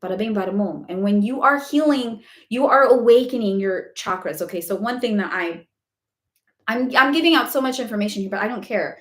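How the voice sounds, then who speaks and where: Woman on a live stream Q&A, fairly high voice, emphatic and blunt, echoey room. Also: expressive, fairly quick, fairly bright tone. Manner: chatty, emphatic, frequent "okay?" asides; candid and blunt, with casual swearing. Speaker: spiritual guidance coach.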